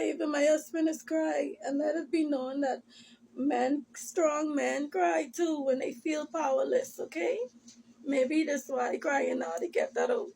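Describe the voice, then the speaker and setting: A woman's voice: high-pitched, vocal fry, darkish tone, a little hiss or hum. A woman giving an emotional personal testimony, impassioned and repetitive, sometimes tearful, addressing her listeners as people of God.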